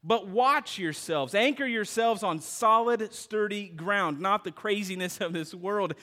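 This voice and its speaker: A middle-aged pastor with a high-pitched voice preaches a sermon at a measured pace. His delivery is animated, calling out to the congregation with questions and telling stories.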